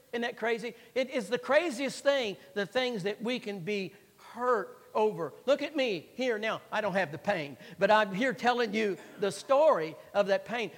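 A man preaching a sermon in an earnest, repetitive way, leaning hard on the key words. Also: sits high. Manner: earnest, repetitive, rising to emphatic stresses. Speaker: pastor. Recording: long hall reverb.

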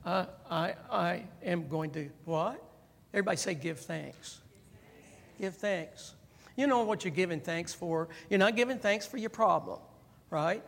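A man's voice: sits high, moderate pace, vocal fry. A man preaching a sermon in a conversational way, checking in with "right?" and calling on the congregation to answer. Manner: animated, calls for congregation response. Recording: long hall reverb.

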